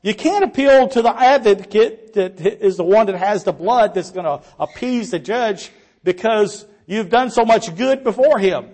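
A man preaching a sermon earnestly, with rhetorical questions and quiet trailing endings. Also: sits high, lively intonation, measured pace.

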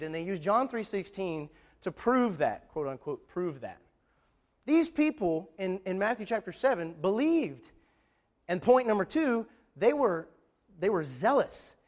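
A man preaching a sermon, talking in a conversational, emphatic way with frequent restarts and scripture readings. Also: on the high side.

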